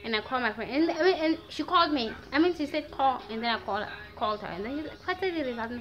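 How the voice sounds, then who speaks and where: Animated Namibian teen girl, lo-fi. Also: high-pitched, fast talker. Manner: animated, mixes in Afrikaans slang. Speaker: vlogger. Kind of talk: casual storytime vlog. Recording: dull lo-fi sound with faint music.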